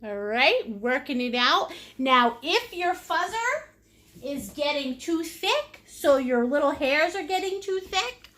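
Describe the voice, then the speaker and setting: A woman's voice: high-pitched, sing-song, slow, a bit bright. A woman teaching a painting lesson on a live stream. She is silly and giggly, plays with made-up words, and answers viewers' comments as she paints. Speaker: painting instructor.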